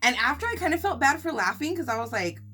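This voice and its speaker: A woman's voice: sits high, sing-song, fast, sharp tone. Sassy chatty woman vlogger telling a story. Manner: chatty, sassy storyteller full of "like" and "girl, bye". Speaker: mukbang vlogger. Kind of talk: casual storytime while eating.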